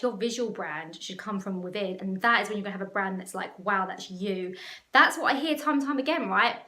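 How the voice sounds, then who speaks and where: A woman's voice: mid-range voice, pushed and bright, reverberant. A woman business coach talking to camera in an emotional, passionate, rambling way. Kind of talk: casual talk to camera.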